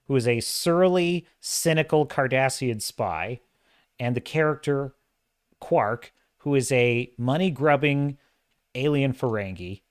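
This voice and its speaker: Animated man hosting a livestream. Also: medium pitch, no room sound, clean studio sound. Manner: animated, opinionated, acts out quoted dialogue. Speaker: livestream host. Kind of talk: casual commentary livestream.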